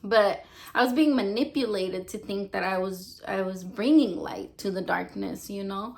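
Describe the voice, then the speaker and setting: A woman's voice: mid-range voice, normal speed, gravelly. A young woman telling her personal religious testimony in a casual, rambling way, filling her speech with "like" and "you know.". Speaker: vlogger sharing a religious testimony.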